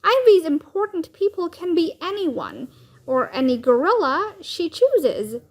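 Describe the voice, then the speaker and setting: A woman's voice: extremely high pitch, big pitch swings, measured pace, a little mellow, voice pushed up, full character voice. A woman voicing a cheerful, encouraging man who teaches second grade, in a storybook read-aloud. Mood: calm.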